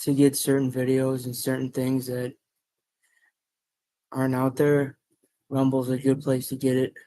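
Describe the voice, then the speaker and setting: A man rambles casually through his opinions, hesitating and repeating phrases. He speaks in a very flat, monotone way, and the recording is dry and close. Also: medium pitch, unhurried, dry recording, poor audio.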